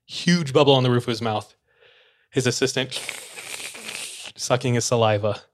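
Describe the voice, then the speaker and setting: A man casually telling a long, animated story, acting out the voices of the people in it and laughing along the way. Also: mid-range voice, moderate pace, slight background noise.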